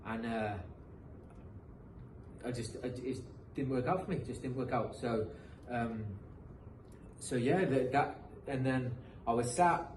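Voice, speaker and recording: Speaking a little slowly in a mid-range voice, a British man with some American in his accent rambles through stories as a professional footballer guest on a casual podcast. He repeats himself and fills gaps with um and uh. The recording has an echoey room, a distant mic, and faint noise.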